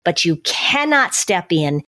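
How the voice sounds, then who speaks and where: A middle-aged woman, a parenting expert on a podcast, explaining calmly step by step and now and then acting out what a parent or child would say. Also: lowish voice, slow pace. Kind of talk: podcast conversation.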